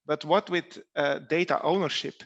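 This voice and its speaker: Gravelly moderator man, hesitant. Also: on the high side, steady tone, normal speed, a bit bright, muffled recording. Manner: hesitant, many "uh" fillers. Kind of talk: reading audience questions.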